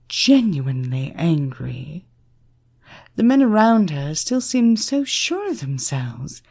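A woman narrating an audiobook in an expressive, measured storytelling manner. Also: sits low, gravelly, slightly rough.

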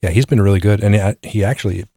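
A man's voice: lowish voice, quick pace, warm tone, no echo, studio quality. A man co-hosting a sports podcast, chatting casually and hedging with fillers. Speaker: podcast co-host.

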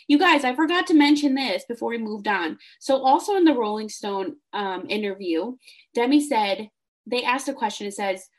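A young woman co-hosting a casual fan podcast, animated and gushing, laughing often. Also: mid-range voice. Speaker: podcast co-host.

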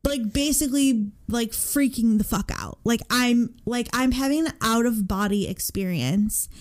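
A young woman in her twenties co-hosting a podcast, telling a story in a casual, animated way, with lots of swearing and "like" fillers. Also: fairly high pitch, unhurried. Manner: animated, profane, many "like" fillers. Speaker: podcast co-host.

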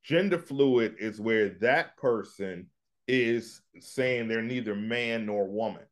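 A man's voice: on the low side, slow. A middle-aged man chatting casually on a podcast, telling laid-back stories and acting out his own lines. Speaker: podcast co-host. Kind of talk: casual chat.

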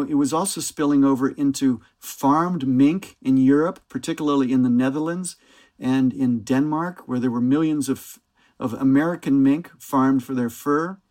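A man, an author, explaining science in a measured way during a talk to a book club. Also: on the high side, darkish tone.

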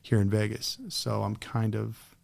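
A former car dealer in Las Vegas talks bluntly during an interview, telling animated stories and acting out his exchanges with customers. His voice sits on the low side, creaky, at a measured pace.

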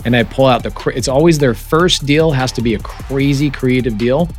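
A male guest speaking at a middle pitch in relaxed podcast chat. He pushes his points hard and repeats phrases to drive them home. Faint music sits underneath his voice. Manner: emphatic, quick, repeats himself for emphasis. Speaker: podcast guest, real estate investor. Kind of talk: casual podcast conversation.

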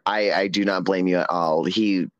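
A man guesting on an interview show, telling stories in a sassy, animated way with lots of quoted dialogue. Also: deep voice, normal speed, dry recording, lo-fi sound. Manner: sassy storytelling, animated quoting. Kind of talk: casual chat.

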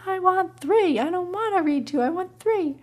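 A woman's voice: very high voice, animated, moderate pace, pitched above the performer's own voice. A woman doing a whiny, defiant little boy. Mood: wailing. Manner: whiny, shouting demands. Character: defiant little boy throwing a bedtime tantrum.

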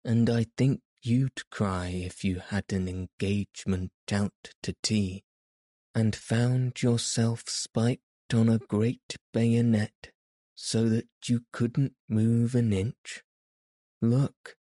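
A man's voice: on the low side, steady tone, takes it slowly, mellow, no room sound. A man voicing a small, proud and touchy male elf in a storybook reading, with a dry voice. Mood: indignant.

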